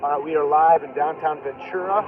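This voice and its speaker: A man's voice: a little high, fairly even intonation, fairly quick. A man live-streaming from a downtown street, talking loosely and casually with lots of "like" and "dude". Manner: loose, chatty, full of "like" and "dude". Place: outdoors on a downtown street, band playing nearby. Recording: tinny phone-line sound with loud street noise.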